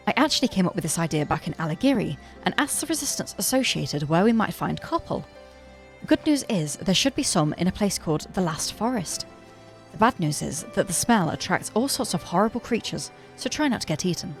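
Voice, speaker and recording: A woman's voice: mid-range voice, animated, brisk, faint music behind, natural voice. A woman reading aloud as a spirited young woman adventurer with a bold, scheming streak. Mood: determined.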